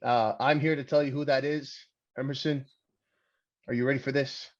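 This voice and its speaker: A man's voice: medium pitch, normal speed, highs cut off. A young man from Canada hosting a wrestling podcast, rambling and swearing in casual chat. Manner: rambling, crude, excitable. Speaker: podcast host.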